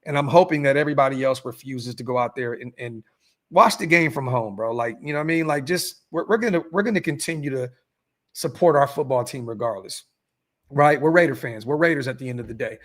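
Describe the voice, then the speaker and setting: A man's voice: medium pitch, a little fast, a bit bright. A man hosting a casual sports fan podcast, ranting bluntly with lots of fillers, repeats and swearing. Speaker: podcast host.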